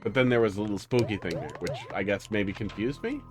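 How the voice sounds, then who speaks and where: A man's voice: fairly low pitch, fast talker, over music. A man streaming live, chatting casually with his viewers and cooing to his pets.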